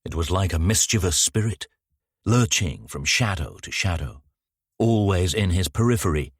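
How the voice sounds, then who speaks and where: Deep-voiced male audiobook narrator. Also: animated, breathy edge, dry recording, clean studio sound. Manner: measured, descriptive storytelling. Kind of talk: scripted narration.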